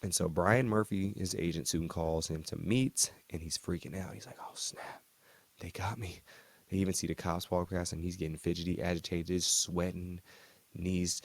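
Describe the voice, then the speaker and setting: A man's voice: low voice, steady tone, moderate pace, creaky, dry recording. A man hosting a TV recap channel, chatting casually through the episode with slangy, joking asides. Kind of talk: casual recap and reaction commentary.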